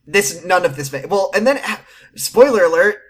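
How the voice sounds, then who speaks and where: Wry man retelling scenes, slightly high voice. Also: lively intonation, normal speed, a bit bright. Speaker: podcast co-host. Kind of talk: casual recap chat.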